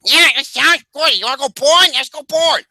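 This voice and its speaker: A man doing a goofy, dimwitted guy who stammers and repeats himself, his voice pushed up high and very bright. The sound is dry and close, with no room around it. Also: moderate pace, no room sound, exaggerated voice. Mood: dopey.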